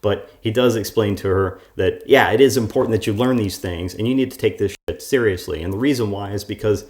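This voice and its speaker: A man's voice: on the low side, a little fast, a little mellow. A man reviewing a show in a critical commentary vlog, ranting in a sarcastic way.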